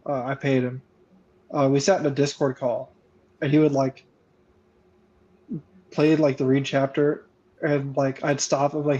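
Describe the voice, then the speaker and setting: A man's voice: flat delivery, unhurried, long pauses, darkish tone, lo-fi sound. A man, an author guest, telling funny anecdotes in casual chat, swearing freely and laughing along. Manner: laughing anecdote teller, swears freely, squeaky-voiced impressions.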